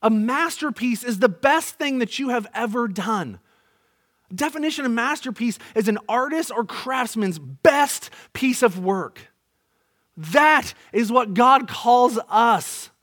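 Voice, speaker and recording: A man's voice: high voice, a bit bright. A man in his thirties preaching a sermon in church, earnest and emphatic, asking his listeners questions. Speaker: pastor. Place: church, to an online audience.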